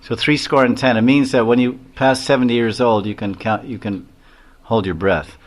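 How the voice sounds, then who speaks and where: A man's voice: medium pitch, fairly even intonation, moderate pace. A man giving a devotional lecture as a swami. He tells stories in a rambling way, with many chuckles and acted-out quotes.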